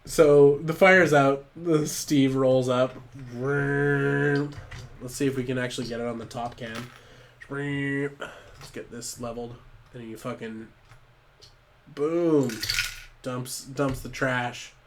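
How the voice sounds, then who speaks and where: A man's voice: mid-range voice, steady tone, slow, slight background noise. A man livestreaming while building with toy bricks, improvising a silly story in a rambling, swearing way, laughing often.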